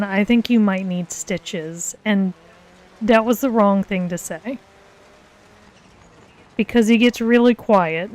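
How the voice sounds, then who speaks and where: A woman's voice: medium pitch, darkish tone. A young woman casually telling a story on a live stream, laughing often as she talks. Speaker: co-host of art and gaming stream.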